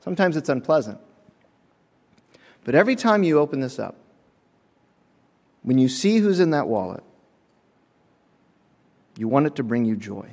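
A man preaching a sermon, telling lively stories with acted-out voices and frequent chuckles, in a church. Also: mid-range voice, normal speed, long pauses. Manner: animated storytelling, acts out voices, chuckles often. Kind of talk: sermon with humorous anecdotes. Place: church sanctuary. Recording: long reverb of a church sanctuary.

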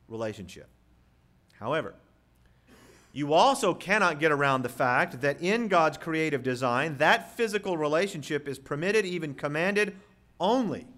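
A man preaching a sermon as a pastor, emphatic, with dramatic pauses and rhetorical questions. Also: fairly high pitch, a bit bright.

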